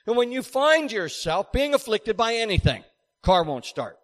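A middle-aged man preaching a sermon, talking to the congregation in asides and rising to loud cries. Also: high voice, sing-song, moderate pace. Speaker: pastor.

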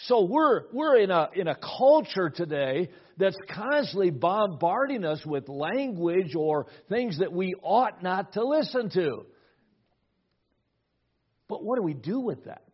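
A man's voice: sits high, sing-song, a little slow, slightly rough. A middle-aged man preaching a sermon, telling a family story with repeated words at the start of phrases. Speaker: pastor. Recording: dull lo-fi recording.

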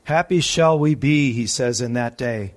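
A man preaching a sermon, moving between urgent raised passages and quiet, hushed ones. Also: mid-range voice, measured pace. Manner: preaching with sharp swings from loud urgent peaks to hushed tones.

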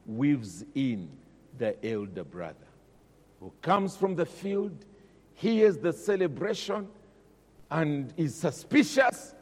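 A man preaching a sermon, dramatic, dropping to a hush and then rising loud. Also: medium pitch, big-room sound. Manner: dramatic, swings between hushed and loud.

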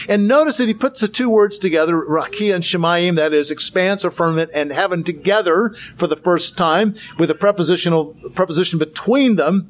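A man's voice: high-pitched, lively intonation, moderate pace. A man giving a Bible lecture with slides, earnest, asking rhetorical questions and repeating words for emphasis. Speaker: Bible teacher.

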